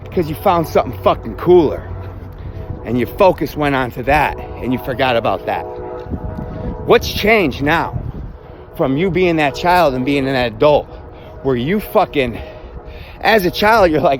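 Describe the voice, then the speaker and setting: A man's voice: fairly high pitch, expressive, moderate pace, long pauses, slight background noise. A man delivering a profane motivational rant, blunt and emphatic, swearing constantly. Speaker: self-help vlogger.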